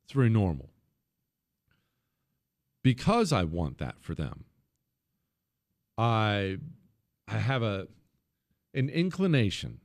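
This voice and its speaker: A man's voice: lowish voice, a little mellow, no echo, clean studio sound. A man hosting a talk radio show, delivering an opinionated monologue in an emphatic, sarcastic, often mocking way.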